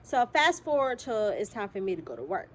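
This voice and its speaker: A young woman, telling a casual storytime vlog straight to her viewers. She is a little sick and keeps clearing her throat, and her talk is animated and full of swearing. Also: on the high side, a little fast, slight background noise. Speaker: vlogger. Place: outdoors.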